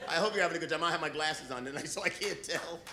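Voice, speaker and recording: A man's voice: on the high side, racing, noisy background. A middle-aged man doing stand-up comedy, brash and profane, teasing the audience from a club stage. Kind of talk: stand-up comedy with crowd work. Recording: live club recording with audience laughter.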